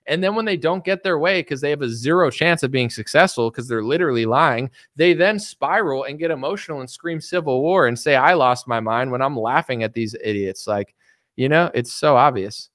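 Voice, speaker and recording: A man's voice: on the high side, animated, a little fast, a bit bright, no echo, studio quality. A man giving rambling, sarcastic political commentary in a solo vlog, full of "it's like" and mocking quotes.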